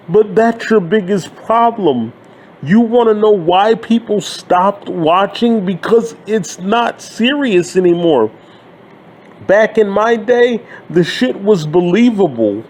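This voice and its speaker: A man in his thirties delivers a profane, sarcastic rant in a fairly high voice. He talks slowly and bluntly, leaning into each complaint. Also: darkish tone, a little hiss or hum. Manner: blunt, sarcastic, swears freely. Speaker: wrestling commentary YouTuber. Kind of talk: profane ranting monologue.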